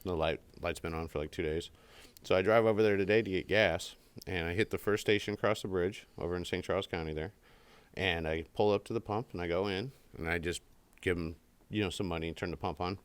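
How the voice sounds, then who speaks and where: Low-voiced man telling a rambling story. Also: fairly even intonation, a little fast, smooth, dry recording. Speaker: podcast co-host. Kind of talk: casual chat.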